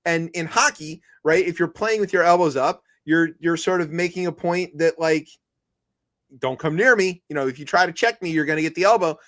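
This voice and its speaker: A man's voice: fairly high pitch, fairly quick, hardly any pauses, fairly bright tone. A man co-hosting a comedic news podcast, rambling and joking with lots of restarts and mock quotes. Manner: rambling, jokey, many restarts and put-on quotes. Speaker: podcast co-host.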